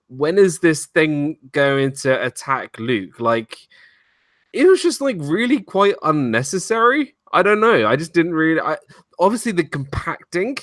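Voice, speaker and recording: A man's voice: fairly high pitch, fairly bright tone, no room sound, studio quality. A man co-hosting a casual movie review chat, chatty with many fillers, mimicking characters. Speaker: co-host.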